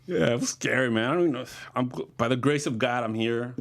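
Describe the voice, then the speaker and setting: Gravelly man telling rambling comic stories. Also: mid-range voice, fairly quick. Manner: rambling, profane, laughing storyteller. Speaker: comedian. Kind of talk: casual comedic storytelling.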